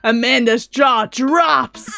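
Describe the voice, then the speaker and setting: A woman's voice: high voice, slow, creaky, sharp tone, faint music behind. A woman hosting a gaming video, reading a dating game's narration aloud with bubbly, emotional reactions.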